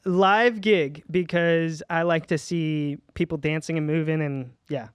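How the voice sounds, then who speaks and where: Rambling, laughing man with a smooth voice. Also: fairly high pitch, steady tone, measured pace, no room sound, clean studio sound. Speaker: podcast guest, drummer. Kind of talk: casual chat. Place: podcast studio. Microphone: studio mic.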